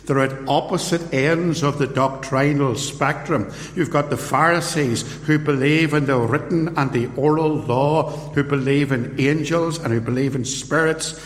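A man preaching a sermon, telling the story slowly and acting out the quoted voices. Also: on the high side, fairly even intonation. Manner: slow, deliberate storytelling with acted-out quotes. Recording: roomy hall with long reverb.

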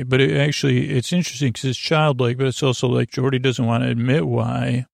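Gravelly man rambling through a bedtime retelling. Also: medium pitch, flat delivery, a little fast, dry recording, studio quality. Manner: meandering, with many fillers and asides. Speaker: podcast host. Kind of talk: rambling casual story retelling for sleep.

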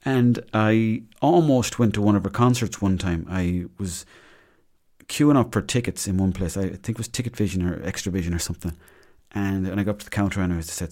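A man's voice: on the low side, fairly quick, darkish tone. A man hosting a solo podcast, rambling and chatty, with a self-deprecating manner. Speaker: podcast host. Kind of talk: casual solo podcast monologue.

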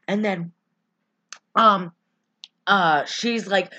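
A woman in casual chat, recapping a movie in a rambling, giggly way and putting on quick voices for the characters. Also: mid-range voice, fairly bright tone. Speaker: podcast co-host recapping a movie.

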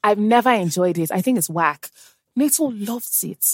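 A woman's voice: mid-range voice, normal speed, dry recording. A woman in casual chat, talking about motherhood and acting out quotes as she tells her stories. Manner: animated storyteller, acts out quotes. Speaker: guest.

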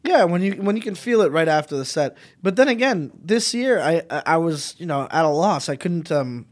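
A comedian from Montreal chatting as a podcast guest, telling animated, rambling stories with lots of restarts. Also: male voice, a little high, moderate pace. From Montreal, Canada. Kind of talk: casual podcast chat.

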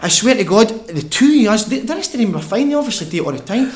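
Animated high-voiced Scottish man. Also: fast talker, hardly any pauses, a crowd in the background. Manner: animated, laughing, swearing storyteller. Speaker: podcast guest. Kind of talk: casual storytelling.

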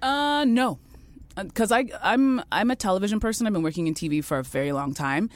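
A woman's voice: medium pitch, a little fast, no room sound. A woman podcast host and author, a guest in a casual chat, telling stories candidly and swearing freely. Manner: candid, animated storyteller who swears freely.

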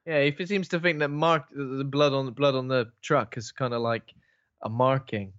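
A man co-hosting a podcast in casual chat, joking with absurd deadpan asides and swearing freely. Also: medium pitch, normal speed, muffled recording. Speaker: podcast co-host.

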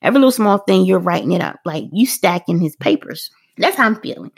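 This middle-aged mother tells her own story in casual podcast talk, her mid-range voice fast and slightly rough. She's animated, addresses listeners directly with conversational fillers, and acts out what others said as dialogue.

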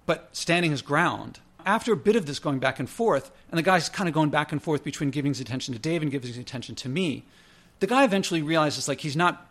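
Man, casual storyteller, somewhat high voice, chatty with fillers and restarts. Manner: conversational, many "like" fillers and self-corrections; lively, pitch jumps when quoting others. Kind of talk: casual spoken anecdote.

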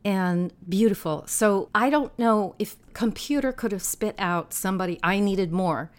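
A woman in her sixties, a filmmaker and activist talking as a guest in a casual interview, telling lively anecdotes. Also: medium pitch, a little slow. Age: 60s. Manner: lively storyteller, animated anecdotes.

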